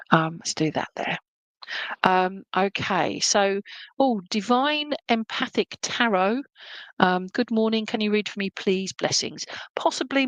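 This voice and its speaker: A woman talks casually during a live reading, chatty and a little hesitant, filling pauses with ums. Her voice sits in an ordinary middle pitch. It is recorded close and dry, with no room sound. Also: gravelly, dry recording. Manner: chatty, hesitant, many ums, calls people "my lovely". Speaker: psychic medium giving live readings.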